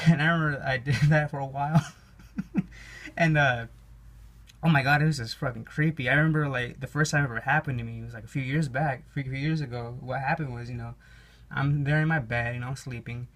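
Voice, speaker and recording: A man's voice: mid-range voice, steady tone, brisk, a bit bright. A young Mexican American man talking casually about his own experiences, rambling with many fillers, swearing and laughing often. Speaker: YouTube card game channel host. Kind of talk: casual storytelling monologue.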